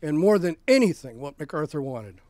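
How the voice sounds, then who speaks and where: A man's voice: a little high, big pitch swings, a little fast, a little mellow, no room sound. A male author giving a book talk, telling history as anecdotes. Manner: anecdotal storytelling with acted quotes. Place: bookstore event.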